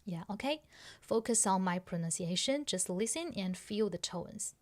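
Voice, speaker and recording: A woman's voice: mid-range voice, animated, normal speed. A woman hosting a podcast pronunciation lesson, explaining patiently step by step and checking that listeners follow. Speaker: language teacher and podcast host.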